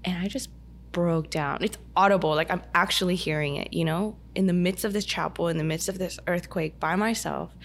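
A woman guest on a podcast, telling a personal story in a chatty, animated way with lots of "like". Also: lowish voice, a little fast, a little hiss or hum. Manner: chatty, heavy use of "like", animated retelling. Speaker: podcast guest, dance studio owner. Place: indoor podcast table over a meal.

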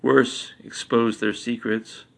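A man voicing a scowling, sharp-tongued witch who speaks in sharp warnings. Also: medium pitch, little pitch movement, slow pace, creaky, exaggerated voice.

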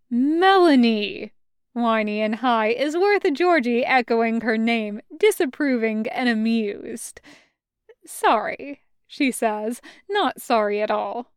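A woman reads a story aloud in a calm, gentle, unhurried way. Her voice is a touch high and very clear. The recording is dry and close. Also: no echo. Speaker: audiobook reader. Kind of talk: fanfiction audiobook narration.

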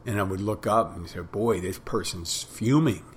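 A man working as a bartender who tells stories about customers in a plain, halting way. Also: fairly low pitch, a little hiss or hum. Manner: plain-spoken, halting with restarts and fillers. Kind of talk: casual storytelling monologue.

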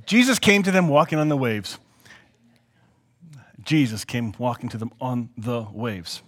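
A man's voice: medium pitch, unhurried, pauses often. A man teaching a Bible lesson, reading the scripture aloud and breaking off for chatty, joking asides. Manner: animated, chatty, jokey storyteller.

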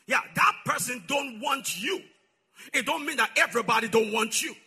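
A male preacher delivering a sermon, calling out to the congregation and swinging from shouting to soft, low asides. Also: normal speed, gravelly, breathy edge, faint music behind. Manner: call-and-response, swings from shouting to near-whisper.

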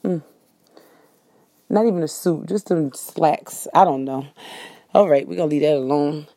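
A woman with a fairly low, mellow voice talks in an easygoing monologue to her listeners. She rambles in a folksy way and circles back to fix her own words. The sound is close and dry. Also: unhurried, dry recording. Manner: rambling, self-correcting, folksy.

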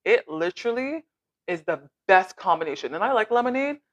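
A brash, teasing podcast host from Canada who swears freely in loose, casual chat. The voice sits at an ordinary middle pitch and sounds dry and close, with no room around it. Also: lively intonation, fairly quick, dry recording, highs cut off.

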